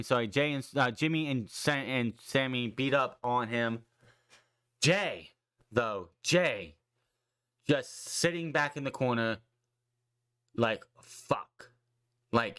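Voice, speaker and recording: A man's voice: medium pitch, smooth. Rambling, swearing man recapping wrestling. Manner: excited, rambling, swears freely, acts out quotes. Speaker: podcast host.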